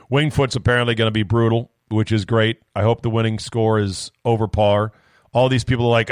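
A man hosting a solo sports podcast, telling loose, profane, animated stories close to the mic. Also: fairly low pitch, fairly quick, no echo. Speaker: podcast host.

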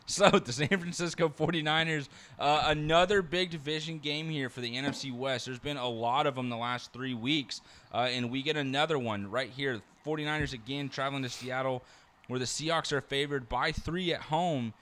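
A man co-hosting a sports-betting podcast, talking quickly and ribbing his partner. His voice is bright and forceful. The delivery is loose, casual chat. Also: medium pitch, slight background noise. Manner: fast-talking, teasing banter. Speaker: podcast co-host making game picks.

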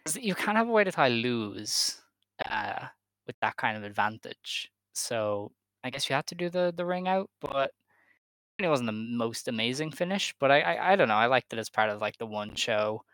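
A man's voice: mid-range voice, animated, normal speed, fairly bright tone, dry recording. A man co-hosting a wrestling podcast, recapping matches in casual chat, easygoing and hesitant with many fillers. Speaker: podcast co-host.

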